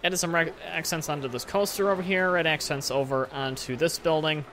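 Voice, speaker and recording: A man's voice: on the high side, fairly quick, fairly bright tone, slight background noise. Rambling man commenting on a game. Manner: rambling, filler-heavy, self-correcting. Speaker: let's play host.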